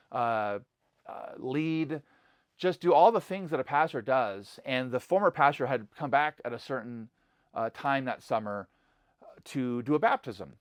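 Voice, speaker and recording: A middle-aged man, a pastor, speaks in an unscripted, conversational way, stringing thoughts together with "like" and "you know." His voice sits at an ordinary male pitch with an earnest, convinced tone. The recording is dry, with no room sound. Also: no echo. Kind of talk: casual spoken reflection to camera.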